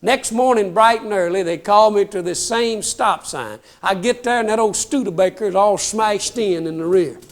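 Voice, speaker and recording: Older guy, high voice, folksy storyteller, pokes fun at himself. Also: moderate pace, hardly any pauses. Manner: folksy, self-mocking, addresses audience as folks. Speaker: comedian telling trooper stories. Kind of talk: stand-up storytelling.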